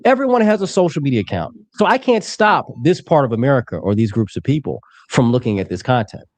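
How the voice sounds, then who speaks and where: A man's voice: mid-range voice, sing-song, quick pace, no echo. A man in his twenties arguing heatedly in a live-streamed debate, aggressive and profane, talking over the others. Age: 20s. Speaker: political commentator.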